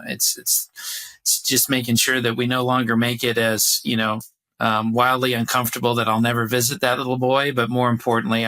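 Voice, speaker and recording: Bright, even-toned reflective man. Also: medium pitch, creaky, rough recording. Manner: measured, gentle, reflective. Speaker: podcast co-host. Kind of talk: reflective podcast talk. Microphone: remote call.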